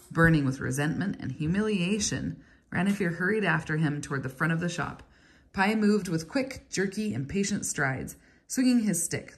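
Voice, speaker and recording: A woman reading a novel aloud in a steady, even storytelling manner. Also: deep voice, slightly rough. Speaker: reader.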